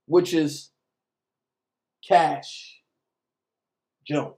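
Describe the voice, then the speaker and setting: A man's voice: high-pitched, expressive, unhurried, pauses often. A man giving casual commentary as a vlogger, talking in slang and reading documents aloud.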